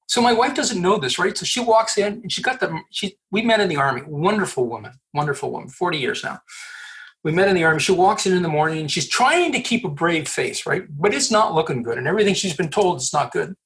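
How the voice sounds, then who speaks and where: Lively man in his sixties telling a story. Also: a little high, a little fast. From Canada. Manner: lively, jokey storyteller who acts out quoted dialogue. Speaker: podcast guest, recruiter. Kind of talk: animated storytelling.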